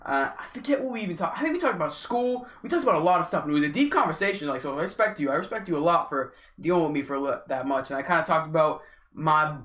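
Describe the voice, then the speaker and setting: Bright-voiced young man telling a story. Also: on the high side, fast talker. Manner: animated, slangy storytelling. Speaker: vlogger. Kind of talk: casual storytime. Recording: echoey room.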